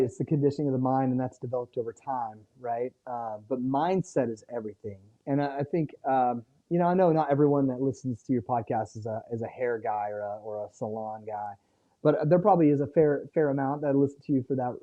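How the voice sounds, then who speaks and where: A man's voice: medium pitch, warm tone. A man appearing as a guest author, telling a personal story in an earnest, reflective way and chatting casually. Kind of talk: casual interview chat. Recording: dull lo-fi sound.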